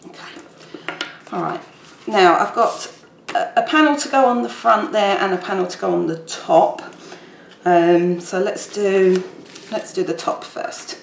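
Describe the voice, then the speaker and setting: A woman's voice: medium pitch, unhurried, vocal fry. A woman talks through a papercraft tutorial in an easy, rambling way, chatting as she works. Her voice sits in a middle register. The room is echoey, with faint background noise. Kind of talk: casual crafting tutorial.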